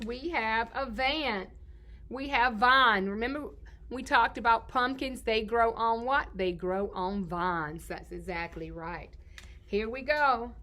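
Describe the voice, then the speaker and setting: A woman's voice: fairly high pitch, fairly bright tone. A woman teacher giving a children's phonics lesson. She asks questions in a sing-song way and answers them herself.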